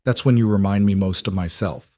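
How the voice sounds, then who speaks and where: A man doing a gentle, reassuring single dad. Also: low voice, a little fast, no echo, studio quality, lightly acted. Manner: tender, reassuring. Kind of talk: storybook narration.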